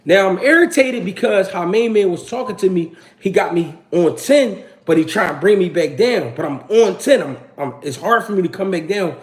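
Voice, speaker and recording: A man's voice: sits high, expressive, moderate pace, few pauses. A man, hosting his channel and telling a story to a live audience in a casual, slangy and profane way, acting out the quotes. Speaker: channel host.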